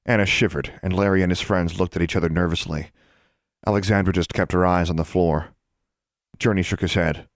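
A man with a very deep, gravelly voice reads a fantasy chapter aloud. His narration is measured and even. The recording is dry and close. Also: no room sound. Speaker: audiobook reader. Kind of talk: storybook narration.

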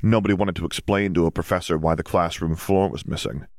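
A man narrating a story in a steady, even reading voice. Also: sits low, quick pace, dry recording, clean studio sound. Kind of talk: audiobook fiction reading.

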